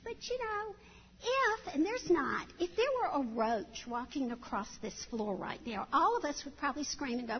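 Middle-aged woman, church speaker, animated storytelling, high voice, long hall echo. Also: normal speed. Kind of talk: storytelling talk to a church audience. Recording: dull sound in a long-reverb hall.

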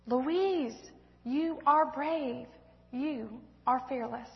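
A bold, fearless little girl, put on by a woman reading a storybook aloud. Her lines come out high and proud, almost sung. The sound is dull and carries a long echo from a large hall. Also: expressive, slow pace.

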